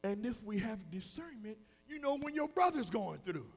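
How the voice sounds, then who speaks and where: A man preaching a sermon to a congregation, dropping to a hush and then rising loud again, acting out the voices of the people he quotes in a folksy way. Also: high-pitched, sing-song, moderate pace, breathy edge. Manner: preaching with sudden swings between hushed and loud. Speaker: pastor. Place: church hall with a congregation.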